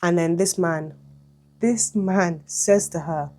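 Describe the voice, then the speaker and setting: Animated woman telling a storytime. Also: fairly low pitch, slow pace. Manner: animated, exclamatory, slangy commentary; doing makeup while talking. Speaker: beauty vlogger. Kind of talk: chatty storytime retelling.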